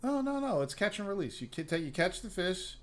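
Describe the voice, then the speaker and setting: A man's voice: high voice, very animated, brisk, fairly bright tone. A man hosting a podcast, telling long rambling stories in casual, profane chat. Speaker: podcast host.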